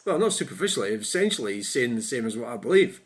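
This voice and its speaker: A chatty man giving casual commentary in a vlog. His voice sits in an ordinary middle pitch, and he keeps tagging his points with quick questions to the listener. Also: very animated. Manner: chatty, frequent tag questions, chuckles at his own remarks. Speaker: political vlogger. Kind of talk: casual commentary reading out an online exchange.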